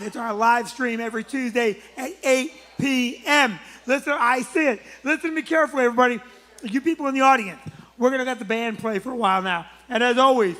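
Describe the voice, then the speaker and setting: A man hosting a live comedy club show, closing it out with loud, excited plugs and shout-outs to the performers. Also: very high voice. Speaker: club owner and show host. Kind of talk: live show sign-off announcements.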